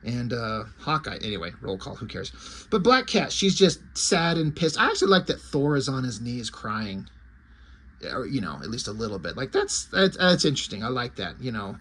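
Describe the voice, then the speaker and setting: A man's voice: mid-range voice, very animated, normal speed, fairly bright tone, slight background noise. A man casually recapping a comic book story, rambling with asides along the way. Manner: rambling and conversational, with asides and fillers.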